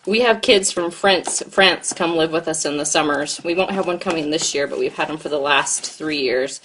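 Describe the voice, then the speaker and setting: A woman's voice: low-pitched, normal speed, a bit bright, a little hiss or hum. An American woman and mom hosting a casual live stream while cooking, chatting to viewers and her child at once. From United States. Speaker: host and mom.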